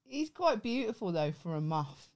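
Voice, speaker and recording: Lively sweary Brummie woman. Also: medium pitch. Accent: Birmingham. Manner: sweary, laughing, excitable. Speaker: podcast co-host. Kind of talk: casual comedy podcast chat.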